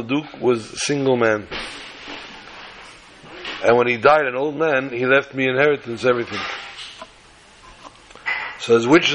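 A man plays a grown Jewish man, emotional and earnest, telling a friend how his life went. The voice sits at an ordinary middle pitch, close to the teller's own. A faint hiss runs underneath. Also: a bit bright, close to an everyday voice.

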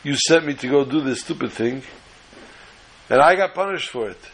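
A man voicing a gullible wolf in a told parable, complaining indignantly, with a husky, gravelly voice. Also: mid-range voice, animated, moderate pace, fairly bright tone, poor audio.

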